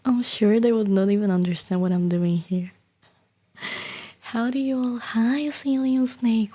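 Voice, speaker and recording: A woman streamer talking softly and half-whispering to her chat from her bedroom, hesitant with many restarts. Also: a little high, fairly even intonation, a little slow, husky. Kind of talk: soft-spoken whispered chat. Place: bedroom at home. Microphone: desktop streaming microphone.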